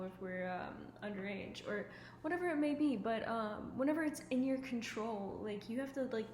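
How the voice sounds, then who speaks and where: A woman giving self-improvement advice to camera at home, talking casually and earnestly, with lots of "like" and "um". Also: medium pitch. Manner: earnest and chatty, full of "like" and "um". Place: at home indoors. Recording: echoey room with faint ambient noise.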